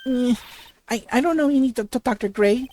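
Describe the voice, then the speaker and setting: A woman's voice: on the high side, warm tone, faint music behind, voice pushed up, lightly acted. Woman reading as a ditzy valley girl. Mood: airheaded. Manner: halting reading with stutters and restarts; valley-girl filler words.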